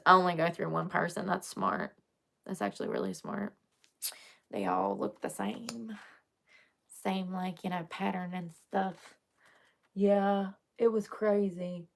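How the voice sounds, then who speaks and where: A woman's voice: mid-range voice, gravelly, fairly bright tone. A young woman vlogging to camera in casual chat, chatty and joking, swearing freely.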